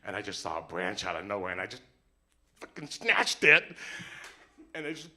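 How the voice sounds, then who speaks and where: A young man performs a comic true story for a live audience, jumping into the voices of the people in it. His voice is very bright and forceful. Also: deep voice, rapid-fire. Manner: animated, comic, acts out dialogue.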